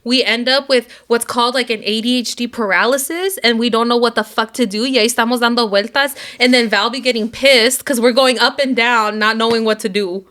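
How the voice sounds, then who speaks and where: A young woman co-hosts a relaxed podcast, her voice pitched a little high and notably bright. She teases her friend with dry, deadpan jokes and laughs easily. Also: fairly quick, few pauses. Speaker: podcast co-host. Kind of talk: casual chat.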